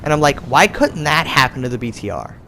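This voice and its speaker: A young man giving casual gameplay commentary, telling the match as an excitable story with sudden jumps in pitch. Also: brisk, soft background music. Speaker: gaming YouTuber.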